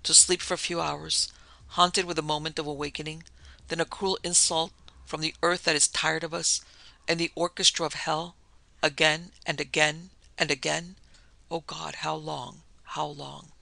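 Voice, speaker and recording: A man voicing a dead villager who laments bitterly from his grave, in a gravelly voice. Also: on the high side, level tone, normal speed, bright, forceful tone, dry recording, full character voice.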